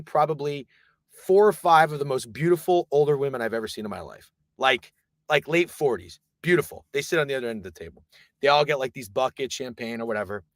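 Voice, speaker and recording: Brief: male streamer, high-ish voice that jumps around, swears constantly, loose storyteller. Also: dry recording, studio quality. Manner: profane, animated, rambling. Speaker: live streamer.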